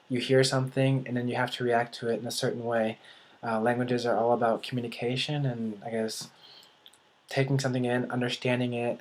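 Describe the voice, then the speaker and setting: A man talks to camera about language learning in a flat, even voice that barely rises or falls. He feels his way through each point, pausing often and restarting his sentences. A dry sarcastic streak runs under his musing. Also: mid-range voice. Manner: hesitant, thinks aloud with many pauses and restarts; dry, self-described sarcastic humor. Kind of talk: casual talk to camera.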